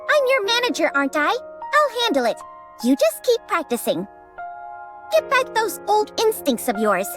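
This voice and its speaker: A fiery, pushy young manager. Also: female voice, extremely high pitch, huge pitch swings, normal speed, fairly bright tone, full character voice. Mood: determined. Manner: indignant, insistent, bossy. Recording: game dialogue over music.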